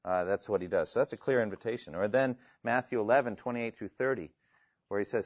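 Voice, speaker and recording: A man's voice: fairly low pitch, brisk, dry recording, lo-fi sound. Man teaching a class, reading scripture aloud. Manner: reads scripture aloud with rising emphasis, asks the class questions. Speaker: evangelism instructor.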